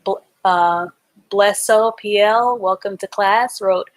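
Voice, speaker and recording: A woman's voice: medium pitch, slow pace. A woman teaching a live online reading class, patiently spelling words out letter by letter and explaining them simply.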